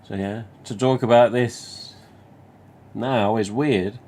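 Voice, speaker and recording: A man's voice: medium pitch, steady tone, slow pace, a little mellow. A man with a Nottingham accent, hosting a live stream and casually telling a rambling, sweary story with restarts. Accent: Nottingham English. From England.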